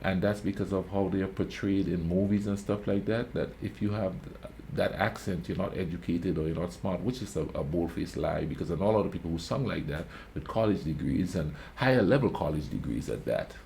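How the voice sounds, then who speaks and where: Man, very low voice, relaxed chatty commentary, faint background hiss. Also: a little fast, gravelly, hardly any pauses, low-quality recording. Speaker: reaction video host. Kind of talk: casual commentary. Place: lives in West Virginia.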